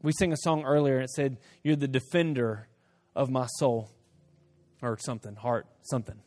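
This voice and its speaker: A man preaching a sermon, dropping to a hush and then rising to loud emphasis, acting out short dialogues in different voices. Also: mid-range voice, steady tone, moderate pace. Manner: swings from hushed to loud, emphatic. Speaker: pastor.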